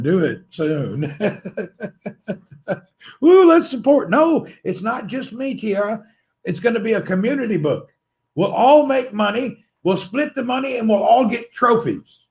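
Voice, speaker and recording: A man hosting a livestream, rambling playfully and teasing his viewers, laughing often. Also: high-pitched. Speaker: livestream host. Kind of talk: rambling joking livestream chat.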